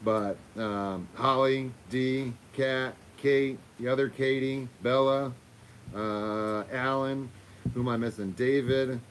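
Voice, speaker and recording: A man's voice: mid-range voice, steady tone, slow, a little hiss or hum. A man hosting a casual livestream, chatting loosely with viewers and his dog and swearing now and then. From Florida. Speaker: livestream host. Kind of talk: casual livestream sign-off chat.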